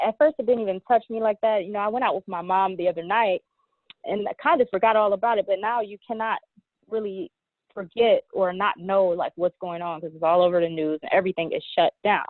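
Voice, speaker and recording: Lady calling into a podcast, sounds like a phone, dry and close, kinda halting with lots of ums. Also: mid-range voice, no echo. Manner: easygoing, halting, many fillers. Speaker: podcast guest. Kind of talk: casual chat. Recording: tinny phone-line call.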